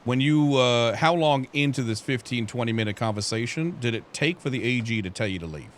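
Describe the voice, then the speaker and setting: A man's voice: medium pitch, expressive, fairly quick, slight background noise. A man in a roleplay, questioning his client in a methodical way with legal jargon. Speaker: lawyer character in roleplay.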